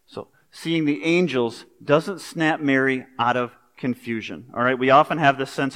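A man's voice: mid-range voice, measured pace, few pauses, clear, resonant tone, in a large hall. A man preaching a sermon in a conversational, storytelling way, with everyday asides. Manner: conversational, animated storytelling with pop culture asides.

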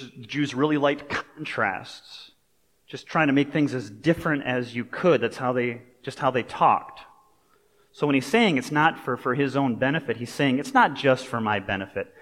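A man's voice: mid-range voice, fairly bright tone. Conversational male pastor in a reverberant hall. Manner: conversational, storytelling, with asides. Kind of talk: sermon. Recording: long reverb of a large hall.

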